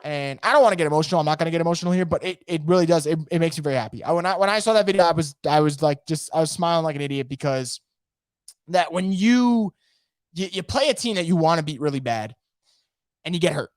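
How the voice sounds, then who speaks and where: A man hosting a casual live sports podcast from home, energetic and opinionated, rambling with frequent restarts. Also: fairly high pitch, fast, dry recording, clean studio sound. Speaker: podcast host. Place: home room.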